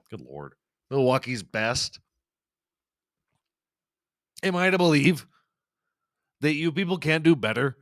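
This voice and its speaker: A man's voice: medium pitch, fairly bright tone, no echo, studio quality. A man hosting a podcast, delivering a rambling, profane, sarcastic comedic rant. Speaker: podcast host. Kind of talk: comedic ranting monologue.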